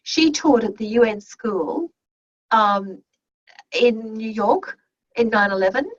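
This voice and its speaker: A woman teaching an online class, telling classroom stories in a chatty way full of restarts, heard over a video call. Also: mid-range voice. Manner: anecdotal, conversational, with many restarts. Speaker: teacher educator. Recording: muffled, distant video call audio.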